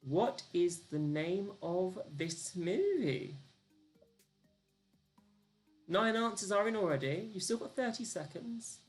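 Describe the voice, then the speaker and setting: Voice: mid-range voice, lively intonation, unhurried, faint music behind. A live-streamed quiz host, chatty and self-deprecating, counting down the clock and reading out the answers and the leaderboard.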